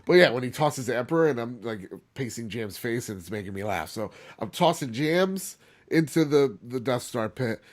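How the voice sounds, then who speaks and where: A man hosts a casual gaming podcast with a lively, swooping pitch. He rambles from point to point and often breaks into laughter. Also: moderate pace. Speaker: podcast host.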